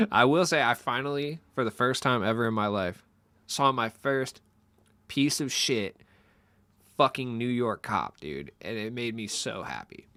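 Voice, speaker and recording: A man's voice: medium pitch, expressive, a little slow, pushed and bright, dry recording. A young man chatting casually with his stream viewers in a loose, rambling, profane way.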